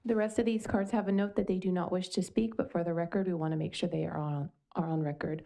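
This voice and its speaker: A woman's voice: fairly low pitch, flat delivery, quick pace, creaky, few pauses, dark tone. A woman acting as meeting clerk, calling speakers and reading comment cards into the record in a plain, businesslike way.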